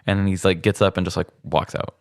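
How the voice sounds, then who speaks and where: A man's voice: low-pitched, fast talker, no echo, studio quality. A man co-hosting a podcast, chatting casually and retelling funny stories, acting out the quotes as he goes. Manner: relaxed storyteller who acts out quotes. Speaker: podcast co-host. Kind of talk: casual chat, retelling a story.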